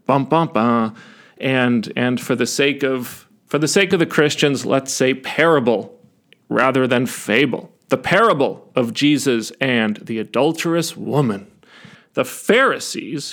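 A man giving a sarcastic, mocking monologue as a vlogger, retelling fables with jokes and laughs. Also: fairly bright tone. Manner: sarcastic and mocking, with sudden high jumps.

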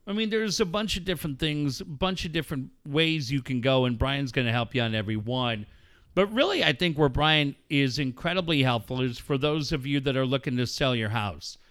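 A man co-hosting a casual talk show, brash and profane, pitching a sponsor with emphatic delivery. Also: brisk, a bit bright. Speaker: co-host. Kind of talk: casual radio banter with a read ad.

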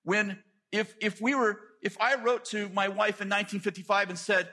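A middle-aged man preaching a sermon, telling stories with lively asides and quick jokes. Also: high voice. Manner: animated storytelling with quick asides.

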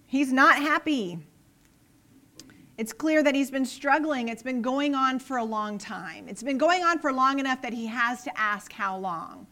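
A woman's voice: sits high, expressive, measured pace, bright, forceful tone. A woman giving an earnest Bible teaching on the Psalms, emphatic and fond of repeating her phrases.

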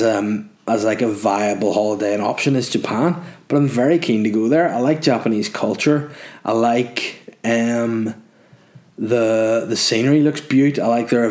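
A man's voice: mid-range voice, a little mellow. A man hosting a casual solo podcast, reading listener messages and answering them with crude jokes and rambling asides. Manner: crude, joking, rambling with frequent ums. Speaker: podcast host.

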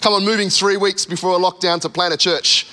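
A man's voice: sits high, steady tone, a little fast, pushed and bright. A man preaching a sermon as a pastor, with frequent "come on" interjections and acted-out quotes. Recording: long hall reverb.

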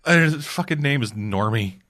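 Male co-host, animated and sharp-toned, cusses constantly. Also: mid-range voice, moderate pace. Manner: animated, profane, exasperated. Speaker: podcast co-host. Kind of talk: casual chat.

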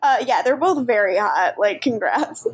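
A woman's voice: on the high side, lively intonation, moderate pace, husky, low-quality recording. A woman co-hosting a podcast, recapping a TV episode in casual, giggly chat. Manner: giggly, chatty, recaps scenes with acted quotes. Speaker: podcast co-host.

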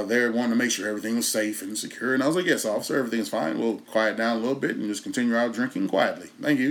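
A man from Texas, hosting a comedy show and telling a story in a profane stand-up monologue. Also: on the high side. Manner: profane, animated storytelling, breaks into laughter. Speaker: comedian host.

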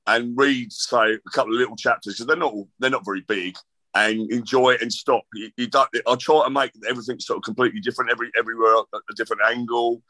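A man's voice: medium pitch, fairly even intonation, fast talker, pushed and bright, no room sound. A middle-aged man, a guest author rambling through casual chat with self-deprecating jokes.

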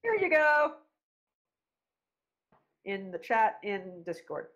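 A woman's voice: medium pitch, sing-song, slow pace, fairly bright tone. A woman hosting a podcast, chatting casually in a playful, teasing way and swearing freely. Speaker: podcast host.

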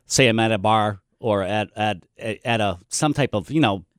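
A man's voice: on the low side, normal speed, smooth, no room sound, studio quality. A man co-hosting a casual chat, rambling with fillers and cracking jokes. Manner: rambling, filler-heavy, joking. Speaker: podcast co-host.

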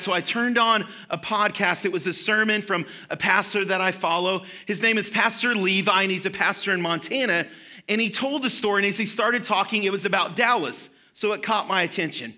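Pastor, male, high bright voice, storytelling sermon from the pulpit. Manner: storytelling, animated retelling with quoted voices. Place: church sanctuary.

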